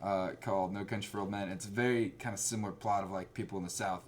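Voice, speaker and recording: A man hosting a casual chat, talking in an animated, rambling way. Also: on the low side, fast, slight background noise. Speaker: host.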